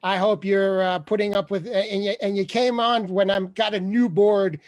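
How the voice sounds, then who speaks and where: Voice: medium pitch, flat delivery, normal speed, a little hiss or hum. The host of an online open mic, joking loosely and sing-songing the introductions of the comics. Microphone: video call.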